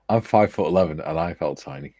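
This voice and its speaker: A man's voice: low voice, warm tone, dry recording. A man, hosting a casual model-building chat and telling a rambling anecdote, laughing often as he goes. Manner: laughs often while storytelling, rambling with restarts.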